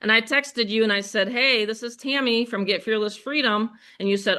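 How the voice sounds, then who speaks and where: An older woman with a Western New York accent, hosting a live webinar sales pitch in a chatty, upbeat way, speaking straight to her audience. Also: moderate pace, bright, forceful tone. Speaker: webinar host.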